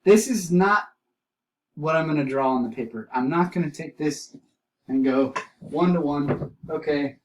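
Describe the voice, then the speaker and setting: A man teaching an art lesson, explaining drawing steps and repeating key terms slowly as he demonstrates. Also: a little high, distant mic, low-quality recording.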